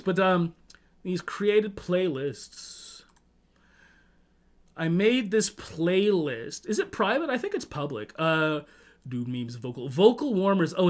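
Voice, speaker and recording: A man's voice: on the high side, fairly bright tone. A man from Toronto hosting a livestream, rambling casually with lots of swearing and restarts. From Toronto, Canada. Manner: rambling, profane, self-interrupting. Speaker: livestream host. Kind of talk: casual chat.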